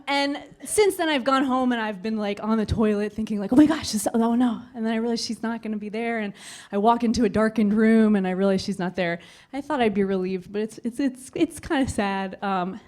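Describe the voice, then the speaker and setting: Performing stand-up at a club, a woman in her twenties delivers an animated tale and voices the characters herself. Her pitch is on the high side.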